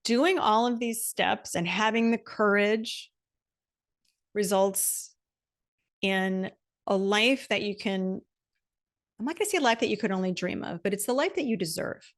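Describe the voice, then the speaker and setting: A woman's voice: medium pitch, measured pace, long pauses. Woman host, middle-aged, passionate solo pep talk, repeats for punch. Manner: passionate, emphatic, repeats key phrases. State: emotional. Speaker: podcast host.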